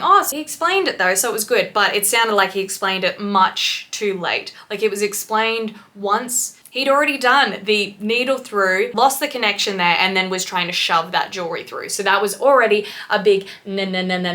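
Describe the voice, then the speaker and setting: Bright-voiced woman piercer giving blunt commentary. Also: medium pitch. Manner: blunt, swears freely, explains patiently. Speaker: piercer reacting to clips. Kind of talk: casual commentary.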